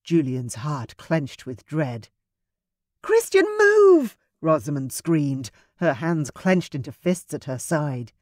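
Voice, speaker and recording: A woman narrating a romance audiobook in a measured, expressive reading. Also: deep voice, no echo, clean studio sound.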